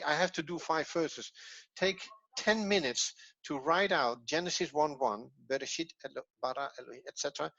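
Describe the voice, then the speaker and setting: Guy teaching a class online, patient, encouraging, slightly high voice, kinda dull lo-fi mic. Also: fairly bright tone, no echo. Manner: patient, encouraging, with pauses and restarts. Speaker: Hebrew teacher. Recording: dull, lo-fi, dry.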